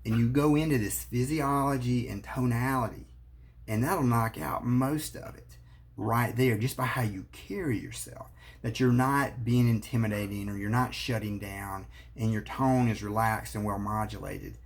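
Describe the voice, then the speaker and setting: Speaking at a normal pace in a mid-range voice, this man is a marriage therapist and relationship coach. He talks straight to the viewer in an earnest, coaching way, giving advice to the camera.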